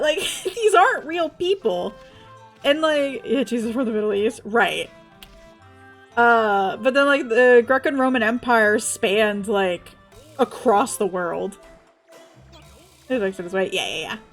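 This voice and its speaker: Give me a young woman ranting casually on a game stream with a lively, bouncing pitch. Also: measured pace, pauses often, faint music behind. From Southern United States. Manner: animated, laughs often and swears freely. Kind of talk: casual chat while gaming.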